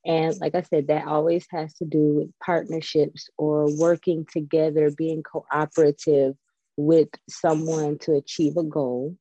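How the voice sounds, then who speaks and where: A woman talks through spiritual ideas in a loose, chatty way, drifting from one story into the next. Her voice sits lowish and mellow. The sound is close and dry, a little dull and lo-fi. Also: unhurried, no room sound. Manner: chatty, digressive, animated storytelling. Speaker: spiritual guest. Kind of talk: casual spiritual chat.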